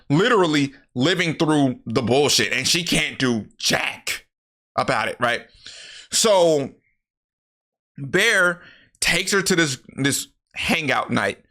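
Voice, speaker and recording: A man's voice: mid-range voice, pushed and bright. A tired man retelling a movie plot in a casual, rambling, profane way, correcting himself as he goes. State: tired after work. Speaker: vlogger recapping a movie. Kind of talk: casual storytelling recap.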